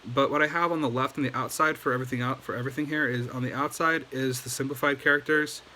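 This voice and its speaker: A man's voice: medium pitch, steady tone, fast, bright, forceful tone, a little hiss or hum, poor audio. A man giving a casual language lesson at home at night, patiently explaining and checking in with okay after each point. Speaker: Chinese language teacher.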